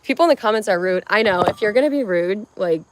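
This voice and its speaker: A woman's voice: mid-range voice, expressive, fast talker, background noise. Young adult woman, live streamer, fresh out of bed, casual and rambling. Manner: chatty and rambling, many "like"s and restarts. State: just woke up, dry-lipped.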